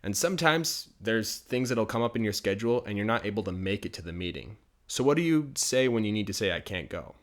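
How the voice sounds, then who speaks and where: A young American man teaching English phrases, explaining patiently and slowing down to show pronunciation. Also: fairly low pitch, animated. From United States. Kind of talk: bilingual teaching video.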